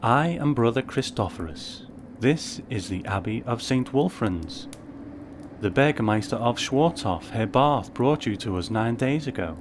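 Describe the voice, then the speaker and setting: A man's voice: medium pitch, lively intonation, measured pace, noisy background, natural voice. A man reading the part of a small, gnome-like male monk who speaks sadly and innocently, like a child. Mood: mournful. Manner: sad, gentle, childlike.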